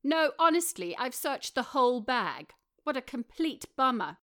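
A boisterous, carefree middle-aged Englishman, as a woman reading aloud puts him on. He talks loudly and heartily, raising his voice above the narration and pitching it a little up. It is an audiobook reading. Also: big pitch swings, measured pace, heavily acted.

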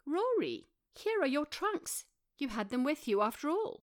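A fretful, sensible middle-aged Englishwoman, as a woman reading aloud plays her. Her voice rises higher than the narration, anxious and protesting. It is an audiobook reading. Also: sing-song, measured pace.

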